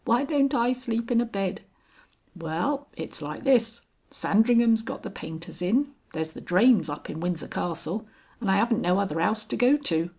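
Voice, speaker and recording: Sly chummy tramp as a woman reads him, storybook character, wheedling, husky. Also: mid-range voice, animated, normal speed, a little mellow. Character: shabby, affable male tramp, cheeky and sly.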